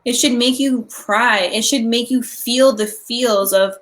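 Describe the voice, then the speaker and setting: A young woman co-hosting a casual live stream chat, gushing and excitable, with lots of "like" fillers. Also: a little high, a little slow.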